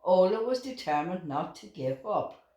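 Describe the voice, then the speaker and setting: An older woman reading a children's picture book aloud, slow and expressive. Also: fairly low pitch. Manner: slow and expressive, with lively voices. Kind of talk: storybook read-aloud. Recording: roomy echoing room.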